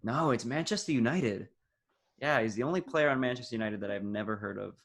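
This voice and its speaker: A teenage man runs a quiz on a casual sports podcast, recorded over a video call. His voice sits at a middle pitch. He teases his friends in an upbeat way. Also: lively intonation, fairly quick. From United States. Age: teens. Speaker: podcast co-host and quizmaster.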